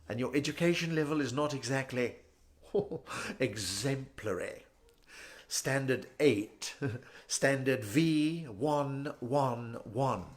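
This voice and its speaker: A man voicing a pompous, posh British bank manager who speaks with a stiff upper lip, slow and condescending. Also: mid-range voice, pitched below the performer's own voice, close to an everyday voice. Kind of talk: stand-up comedy impression.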